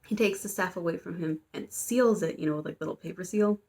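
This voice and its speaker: A woman's voice: lowish voice, brisk, creaky, dark tone. A young woman, a student, casually recapping a story in a chatty, rambling way full of fillers and playful quotes. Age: young adult. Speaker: student vlogger.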